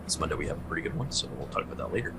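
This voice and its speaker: A man's voice: a bass voice, lively intonation, very fast, vocal fry, background noise. A man introducing his tabletop character with dry, wry humor. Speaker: player and podcast co-host. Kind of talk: casual chat.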